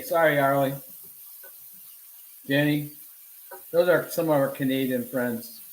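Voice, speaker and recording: A man's voice: fairly high pitch, measured pace, pauses often, roomy sound, poor audio. A man giving a casual cooking demonstration, talking to viewers as he cooks and answering his own questions. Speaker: cooking instructor. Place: home kitchen.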